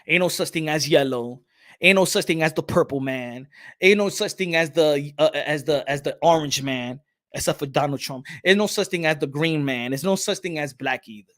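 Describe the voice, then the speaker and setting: A man's voice: fairly high pitch, normal speed, fairly bright tone. A man hosting a casual podcast, talking animatedly with many repeated words and switching into Spanish phrases while acting out exchanges. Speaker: podcast host. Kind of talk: casual talk.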